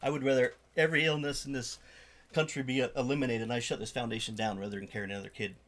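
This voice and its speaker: A middle-aged man who founded a charity, telling an emotional story in an interview, halting with frequent fillers and restarts. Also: mid-range voice, fairly even intonation, fairly bright tone.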